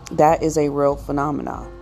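A woman's voice: low-pitched, fairly even intonation, normal speed, gravelly, darkish tone, faint music behind. A woman giving a preachy, emphatic monologue to camera. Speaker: vlogger. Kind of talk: ranting monologue.

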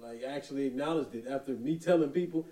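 A man's voice: medium pitch, quick pace, dark tone. Laughing, profane podcast co-host, man. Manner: laughing, profane, agreeable back-and-forth. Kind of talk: casual podcast banter.

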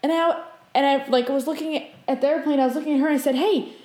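A woman co-hosting a podcast, telling a dream story in casual chat and acting out her own panicked lines. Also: roomy sound. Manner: animated retelling, voices her own panicked quotes high and fast. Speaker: podcast co-host.

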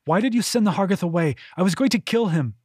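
Guy voicing a fierce stubborn young warrior woman, urgent and higher, audiobook. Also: lively intonation, normal speed, breathy edge, no echo, clean studio sound.

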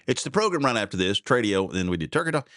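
A man's voice: lowish voice, very animated, racing, a bit bright, no room sound, studio quality. A middle-aged man hosting a radio show in a rambling, folksy, chatty way with many restarts. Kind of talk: casual radio talk.

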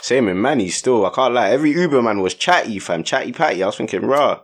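A man's voice: mid-range voice, quick pace. A young man, telling a story in casual podcast chat, full of slang and tag questions. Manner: slangy, animated storytelling with lots of "innit" and "you get me". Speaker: podcast co-host.

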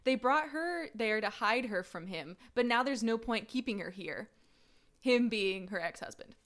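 A woman's voice: fairly high pitch, lively intonation, a little slow, fairly bright tone. A woman co-hosting a casual podcast, recapping episodes of a drama series, laughing often and going straight into the recap narration.

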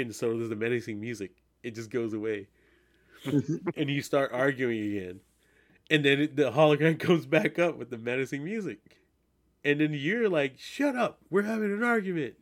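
A man hosting a podcast in casual chat, rambling and swearing often, with many restarts. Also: medium pitch. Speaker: podcast host.

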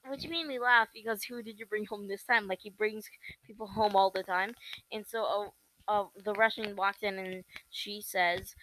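A woman's voice: mid-range voice, steady tone, fairly bright tone, no room sound, poor audio. Rambling young woman podcaster. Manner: rambling, halting with many fillers and restarts. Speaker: podcast host. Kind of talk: casual solo podcast chat.

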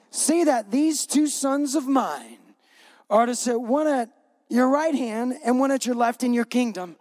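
A man's voice: sits high, in a large hall. A man preaching a sermon, retelling scripture with playful acted-out voices and humor. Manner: animated storytelling with acted-out voices. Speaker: pastor.

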